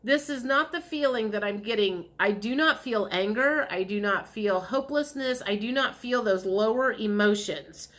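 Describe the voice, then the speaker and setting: A woman's voice: fairly high pitch, normal speed, hardly any pauses, a bit bright. A woman giving a casual tarot reading to her viewers, chatty and repetitive, sometimes acting out what the listener might say. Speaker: tarot reader.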